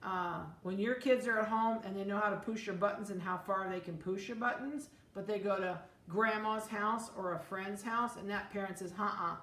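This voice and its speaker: A woman's voice: medium pitch, fairly even intonation, normal speed, hardly any pauses, a bit bright. Firm woman breeder, echoey room. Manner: firm, direct, repeats key rules. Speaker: dog breeder. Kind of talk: informal instructional talk. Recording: echoey room with faint ambient noise.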